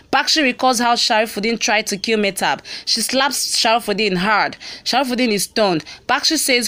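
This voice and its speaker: A woman's voice: fairly high pitch, moderate pace, hardly any pauses, bright, forceful tone. A woman narrating a TV episode recap, reading steadily and voicing every character's lines in her own voice. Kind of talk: plain read-aloud story recap.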